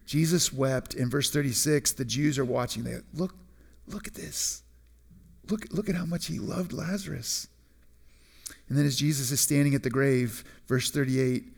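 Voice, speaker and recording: A man's voice: mid-range voice, vocal fry, a little mellow. Man preaching with lots of restarts. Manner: conversational preaching with frequent restarts and repeated words; emphatic, slowing down on key phrases. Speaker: pastor. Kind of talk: sermon.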